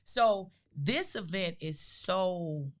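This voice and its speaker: A woman co-hosting a podcast in casual, lively chat, telling stories and laughing easily. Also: fairly low pitch, extremely slow, no echo, clean studio sound. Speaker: podcast co-host.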